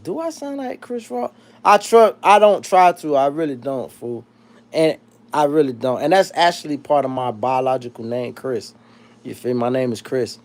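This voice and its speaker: Profane, animated man. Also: medium pitch. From South Florida. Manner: profane, animated, rambling with restarts. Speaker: livestream host. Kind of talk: casual livestream chat reading comments.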